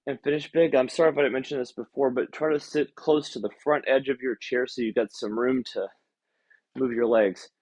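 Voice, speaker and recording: A man's voice: mid-range voice, steady tone, fairly quick, darkish tone. A man leading a seated stretching class online, calling out steps and counting reps with encouragement. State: out of breath. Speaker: exercise instructor. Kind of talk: live-streamed seated exercise class.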